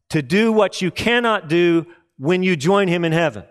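A man preaching a sermon to a live audience, emphatic, asking rhetorical questions and slowing down for emphasis. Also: fairly high pitch, lively intonation.

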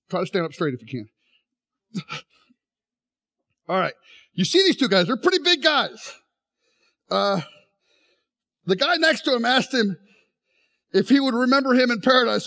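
A middle-aged man preaching a sermon, telling stories animatedly and acting out voices while straining on an injured leg. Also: high-pitched. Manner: animated storytelling, acts out voices. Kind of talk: sermon with live demonstration.

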